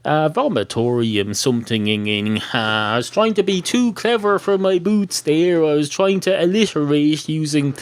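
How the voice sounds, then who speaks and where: A man's voice: fairly high pitch, expressive, normal speed, hardly any pauses, clean tone. An Irish man hosting a comedy podcast, talking in a digressive, rambling monologue. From Ireland. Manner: digressive, many fillers and restarts. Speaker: podcast host.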